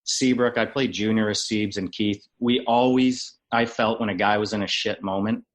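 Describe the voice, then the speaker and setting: A man's voice: lowish voice, normal speed. A man in his thirties from Canada, a former hockey player telling stories on a podcast and swearing freely. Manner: animated storyteller, mimics yelling coaches, swears freely. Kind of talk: casual storytelling on a podcast.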